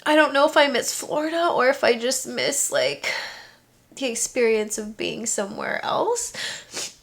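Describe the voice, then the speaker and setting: Young woman vlogger, tearful, soft-spoken, slow with a creaky fry. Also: on the high side, big pitch swings. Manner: soft, halting and reflective, with many pauses and fillers. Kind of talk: emotional personal vlog. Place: apartment bedroom, indoors.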